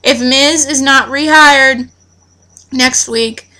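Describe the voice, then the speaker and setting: A young woman recapping a wrestling show in a chatty, excitable vlog rant. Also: sits high, takes it slowly. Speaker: wrestling fan vlogger. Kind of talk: casual ranting recap.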